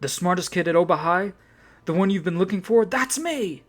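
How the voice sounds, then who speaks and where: Man putting on a high, loud, stammering middle-aged man, flustered, defensive, secretly wearing a wig. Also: animated, normal speed, soft background music. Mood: boastful.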